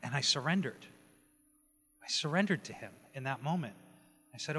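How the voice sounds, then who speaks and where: A man preaching his personal testimony, telling the story with animated energy and acting out quoted dialogue. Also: on the high side, normal speed, long pauses, breathy edge. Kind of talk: testimony sermon. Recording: long hall reverb.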